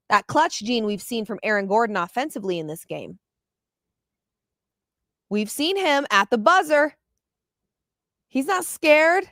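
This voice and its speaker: A woman hosting a basketball postgame podcast talks with passion and open emotion, animated and repeating words when she gets fired up. Her voice is fairly high, in a dry, studio-quality recording.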